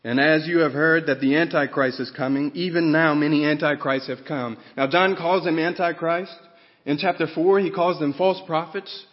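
Man, pastor, sermon, slightly high voice, long hall reverb, dull sound. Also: steady tone, normal speed. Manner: rising to fervent emphasis. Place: church sanctuary.

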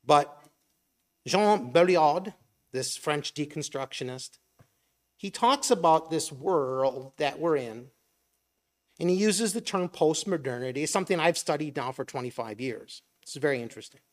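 A man's voice: fairly high pitch, animated, a little slow. Middle-aged man preaching with rhetorical questions. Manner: conversational, rhetorical questions, acts out imagined voices. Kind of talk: sermon.

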